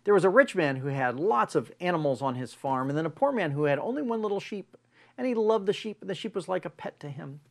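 A man's voice: high voice, lively intonation, quick pace, creaky. A man voicing a stern male prophet who confronts a king with a story. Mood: storytelling.

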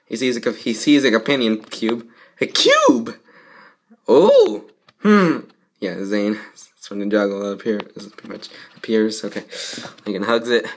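A man's voice: on the low side, steady tone, a little fast. A young man reading a fan fiction aloud with rambling comments, often jumping into character voices. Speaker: fanfic reader. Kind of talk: casual fanfic read-aloud with comments.

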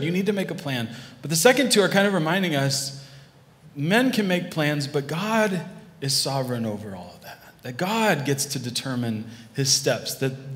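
A man's voice: a little high, fairly bright tone. A male pastor giving a conversational sermon, with frequent restarts and asides to the congregation. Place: church hall. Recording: long hall reverb.

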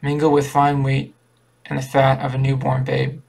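A gossiping old woman who cackles, from a spooky story read aloud, voiced by a man. The delivery stays level and unhurried, with a heavy gravelly fry under every phrase and almost no rise or fall. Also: medium pitch. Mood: gossipy. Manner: flat, barely changed reading voice.

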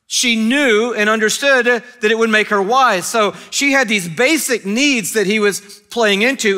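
A man's voice: sits high, pushed and bright. A man preaching a sermon as a pastor, in a conversational, humorous storytelling way with frequent restarts.

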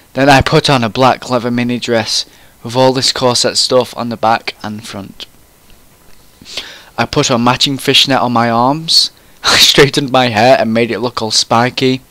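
A man's voice: mid-range voice, fairly even intonation, a little slow, sharp tone, no echo. A man reading a fan story aloud in a comic, mock-serious way, often breaking into laughter.

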